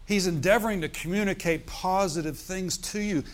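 A man's voice: high voice, moderate pace. A middle-aged man preaching a sermon, with "amen" and "hallelujah" thrown in to the congregation. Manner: preaching with call-and-response asides. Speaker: pastor.

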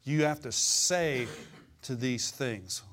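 A man's voice: mid-range voice, lively intonation, slow, a bit bright. Man, pastor, folksy fiery sermon, call-and-response.

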